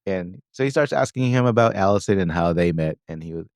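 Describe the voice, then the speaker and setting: A man's voice: sits low, animated, brisk, darkish tone, no room sound, clean studio sound. A man co-hosting a podcast, casually retelling a movie's plot with lots of fillers and quoted lines. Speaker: podcast co-host recapping a film. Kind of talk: casual chat.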